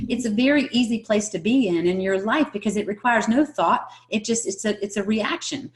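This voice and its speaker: A woman's voice: mid-range voice, rough recording. A woman presenting an online wellness lesson, recapping points in short, emphatic phrases. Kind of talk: online webinar teaching.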